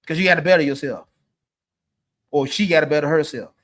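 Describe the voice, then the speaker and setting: A man's voice: on the high side, brisk, a bit bright. Blunt preachy man giving dating advice. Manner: blunt, preachy, repeats his points. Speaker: livestream host. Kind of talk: live-stream dating advice talk.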